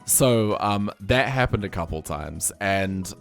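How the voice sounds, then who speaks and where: Young NZ-accented male streamer, lowish voice, animated and giggly, faint music behind. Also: slow, gravelly. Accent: New Zealand. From New Zealand. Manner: animated storyteller, laughs often, jumps up in pitch when excited. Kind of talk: casual chat.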